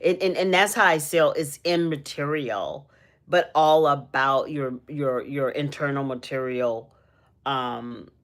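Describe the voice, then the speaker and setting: A woman's voice: low voice, slow. A young woman hosting a casual livestream, talking about energy and purpose, emotional and rambling with many restarts. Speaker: livestream host.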